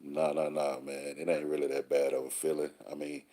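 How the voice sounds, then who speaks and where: A man with an extremely low, husky voice talks easily to his listeners. His tone is mellow and dark, and he drawls through street slang and little rhyming sayings. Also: little pitch movement, fairly quick. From Texas. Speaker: call-in show host. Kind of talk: casual monologue answering listeners.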